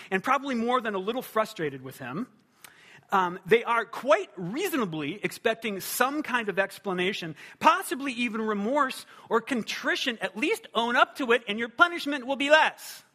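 A man preaching a sermon in a conversational, animated way, often asking rhetorical questions. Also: very high voice, moderate pace. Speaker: pastor.

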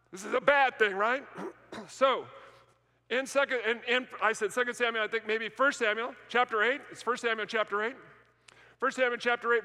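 A man preaching a sermon as pastor, animated and jokey, calling on the congregation to answer back. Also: sits high. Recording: reverberant hall sound.

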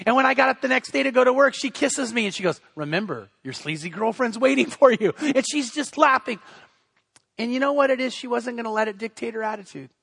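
A middle-aged male pastor with a high voice preaches a sermon and tells stories like he is chatting. He often stumbles and restarts his sentences. The sound is dry and close. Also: steady tone, fast talker, vocal fry, bright, forceful tone, husky, dry recording. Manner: storytelling, conversational with frequent restarts.

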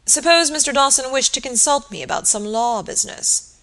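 A woman gives voice to a grave young barrister in a storybook reading. He speaks in a measured, formal way, with a bright, clear tone. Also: high-pitched, pitched above the performer's own voice.

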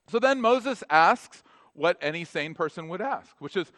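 A man's voice: sits high, big pitch swings, unhurried, a bit bright, no room sound. A man preaching a casual, conversational sermon as a pastor, full of asides and laughing at his own jokes.

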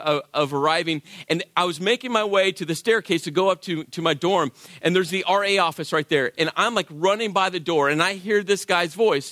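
Clean, dry studio audio captures a high-pitched male worship leader sermonizing through a story from his own life. He brings it to life by acting out what each person said.

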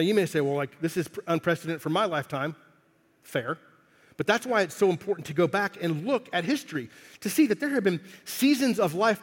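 A man preaching in a relaxed, conversational way, his voice sitting a little high and swelling to emphatic peaks on the lines he wants to land. The hall around him rings with a long reverb tail. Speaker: pastor. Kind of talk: sermon. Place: church hall. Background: congregation in the room.

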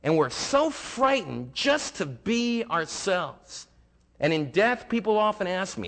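A man's voice: sing-song, takes it slowly, creaky, fairly bright tone. A male pastor giving a sermon in a conversational way, building to emphatic peaks and asking the congregation questions directly. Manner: conversational preaching that swells to emphatic highs.

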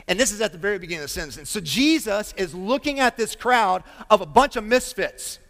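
Male pastor, very high voice, lively emphatic sermon delivery, long church reverb. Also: a little fast. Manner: animated, emphatic preaching with call-outs to the congregation. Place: church sanctuary with congregation.

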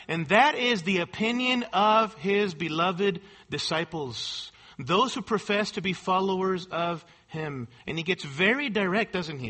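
Male pastor, high-pitched and forceful, emphatic sermon, rhetorical questions.

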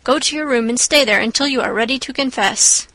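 A woman's voice: high voice, a little fast, sharp tone, dry recording. A woman reading the part of a stern older woman who scolds a child.

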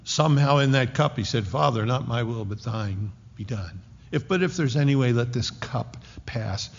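A man preaching a sermon with a dramatic delivery, rising to loud declarations and dropping to hushed tones. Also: mid-range voice, normal speed, gravelly. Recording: dull lo-fi recording in a reverberant hall.

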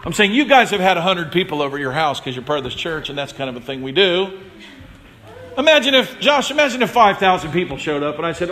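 A man's voice: a little fast, pushed and bright. A man preaching a sermon in a conversational way, calling on listeners by name and acting out the voices in the stories. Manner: conversational, addresses congregation members by name; acts out quoted voices with big pitch swings. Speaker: pastor.

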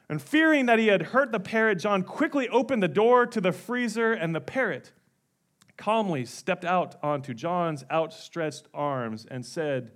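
Animated high-voiced male pastor. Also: normal speed. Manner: animated storytelling with sudden drops to quiet. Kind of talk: sermon.

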